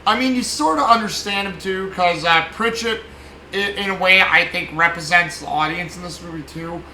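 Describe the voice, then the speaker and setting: A man's voice: sits high, normal speed, pushed and bright, reverberant, a little hiss or hum, poor audio. A man recapping a film casually at home, rambling with lots of fillers and restarts. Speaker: podcast host reviewing a film.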